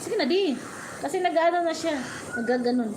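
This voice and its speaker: A woman's voice: very high voice, fast talker, very noisy. A woman vlogger chatting casually and talking sweetly to her pet birds in a coaxing, sing-song way. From Philippines. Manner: coaxing, sing-song baby talk to birds, mixing English and Tagalog.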